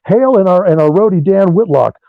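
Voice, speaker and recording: A man, a rock guitarist being interviewed over a remote call, telling animated stories and swearing freely. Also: high-pitched, brisk, gravelly, no room sound. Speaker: guitarist guest. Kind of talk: profane storytelling interview. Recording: dull lo-fi dry sound.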